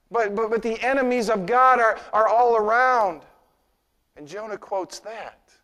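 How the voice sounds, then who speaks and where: A man's voice: sits high, fairly bright tone, clear, resonant tone, long reverb tail. A male preacher delivering a sermon, earnest and emphatic, often repeating words as he presses a point.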